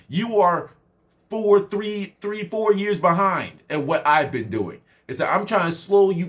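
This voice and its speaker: Speaking in a slightly bright voice on the high side, this man rambles casually through a motivational vlog. He's a mentor who laughs a lot and acts out the people he quotes.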